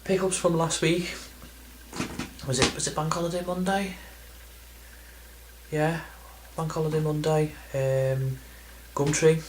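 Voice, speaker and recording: A man's voice: on the high side, fairly even intonation, a little slow, noisy background. A man chatting in a casual vlog, rambling and self-deprecating, with plenty of ums and restarts. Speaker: video game collector vlogger.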